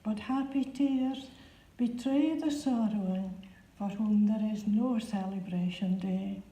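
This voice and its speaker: A woman slowly and solemnly reciting a poem at a book launch in a town hall. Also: medium pitch, dark tone. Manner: slow and solemn. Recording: echoey hall.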